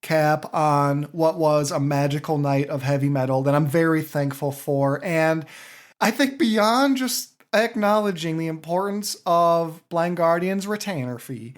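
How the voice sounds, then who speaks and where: A man's voice: on the high side, measured pace. A man co-hosting a podcast in casual chat, hyped and jokey, swearing freely. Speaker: podcast co-host.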